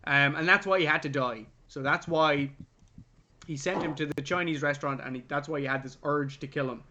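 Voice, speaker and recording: A young adult man co-hosting a movie review podcast, casually and animatedly retelling scenes and jumping into loud voices for the characters. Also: a little high, steady tone, brisk, muffled recording, slight background noise. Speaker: podcast co-host.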